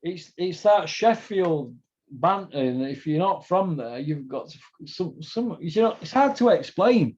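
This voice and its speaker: Middle-aged South Yorkshire podcast host, sweary, rambling storyteller, slightly high pitch, muffled lo-fi audio. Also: male voice, animated, measured pace, darkish tone. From Doncaster, England. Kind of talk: casual storytelling chat. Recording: dull lo-fi sound.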